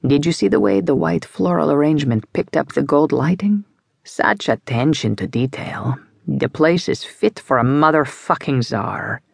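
A woman narrator voicing a genial but menacing male crime boss with a Russian-British accent, speaking smoothly and unhurriedly. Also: a little high, lively intonation, no echo, clean studio sound, heavily acted. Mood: admiring. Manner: smooth, unhurried, softly purring. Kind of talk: audiobook character voice.

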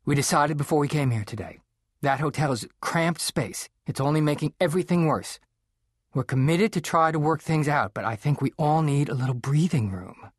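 A man voicing a stern middle-aged mother in an audiobook, with a sharp, accusing manner. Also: on the high side, normal speed, no room sound, studio quality, pitched above the performer's own voice, natural voice.

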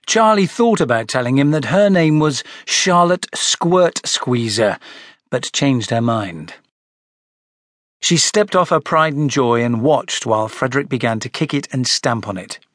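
A man narrating a children's storybook with expressive, animated delivery. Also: medium pitch, measured pace, no room sound, clean studio sound. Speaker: audiobook narrator.

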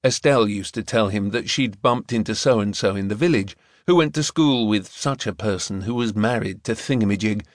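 A man with a fairly low voice narrates a novel in a measured, expressive manner. The audiobook recording has no room sound and clean studio quality.

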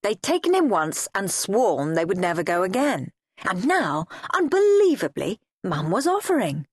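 A woman's voice: medium pitch, very animated, normal speed, slightly rough, dry recording, studio quality. A woman with an English accent narrating a comic children's book with playful, theatrical relish. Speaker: audiobook narrator. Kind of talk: expressive children's storytelling.

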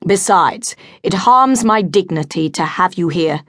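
A woman's voice: fairly low pitch, expressive, unhurried, fairly bright tone, no echo, clean studio sound. A woman voicing a haughty, proud duke who speaks in an imperious, demanding way.

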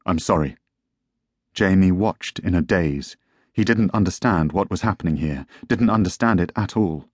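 A man's voice: low voice, moderate pace, no room sound. A man narrating a tense story as an audiobook reader. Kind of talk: scripted narration.

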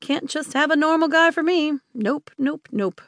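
Woman narrator doing a mischievous young witch, flustered and whiny, highish voice, dry close audiobook sound. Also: moderate pace, no echo. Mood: exasperated. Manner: exasperated, whiny exclamations.

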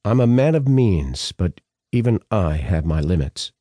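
A wealthy old professor, formal and blunt, speaking in clipped, higher sentences, as a male audiobook narrator puts him on. The narrator's voice is still deep at its base, and the recording is close and dry. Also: big pitch swings, measured pace, warm tone, no room sound, full character voice.

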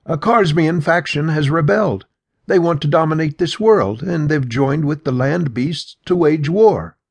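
A man doing a fierce young winged warrior woman in a storybook reading. Her voice sits high and a little raspy, with a breathless, urgent push. The read is close and dry. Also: unhurried, dry recording, heavily acted. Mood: resolute. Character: young female winged bird-folk warrior, urgent and bold.

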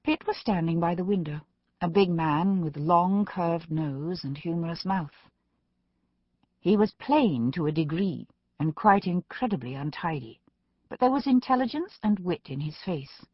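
Woman audiobook narrator, measured, slightly muffled studio sound, dry. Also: fairly low pitch, animated, dry recording. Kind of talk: scripted narration.

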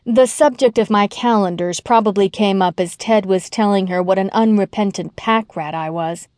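A woman's voice: mid-range voice, normal speed, a little mellow, no room sound. A woman narrating a first-person mystery audiobook with wry, dry humor, on a close studio mic.

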